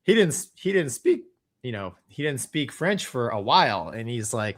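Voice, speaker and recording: A male co-host telling a story in an easygoing, slangy manner, peppered with dude. His voice is mid-pitched and ordinary. The tone stays relaxed and conversational. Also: moderate pace. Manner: laid-back, slangy storyteller, says dude a lot. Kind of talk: casual chat.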